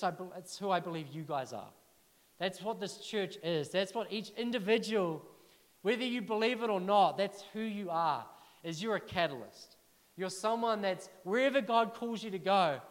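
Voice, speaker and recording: A man preaching a sermon to a church congregation, energetic and urging the crowd to respond. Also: high-pitched. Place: church hall. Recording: long reverb of a large hall.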